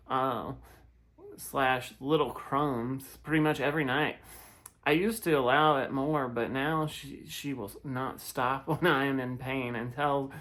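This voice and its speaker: A commentator reads online posts and comments aloud in a slow, easygoing way. The delivery is halting, with frequent restarts, giggles and offhand asides between lines. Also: mid-range voice, a bit bright. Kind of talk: casual reading of online comments with reactions.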